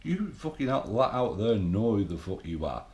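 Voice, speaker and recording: Speaking to camera with a gentle sing-song rise and fall, the English vlogger has a lowish, somewhat mellow voice at a moderate pace. He's a middle-aged man rambling through a casual, sweary bodybuilding motivation speech in an echoey room.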